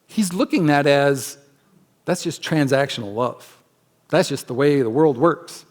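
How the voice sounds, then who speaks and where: A male pastor with a somewhat high voice delivers a sermon in a church. He talks in a conversational, emphatic way and slips into quick acted-out asides. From United States. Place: church sanctuary.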